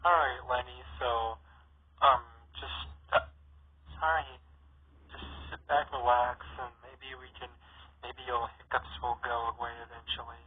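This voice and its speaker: A man's voice: medium pitch, flat delivery, measured pace, husky. A man narrating and voicing his own toy play story, in a rambling way with many fillers. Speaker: toy show creator and narrator. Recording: tinny phone-like lo-fi with faint hiss.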